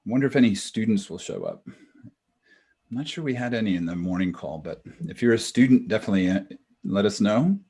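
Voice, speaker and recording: A relaxed middle-aged man welcomes people by name before a webinar starts. His voice sits low and a little husky, heard over a video call. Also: brisk. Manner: relaxed, chatty, greets attendees by name. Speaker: webinar co-host. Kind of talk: casual greetings before a webinar.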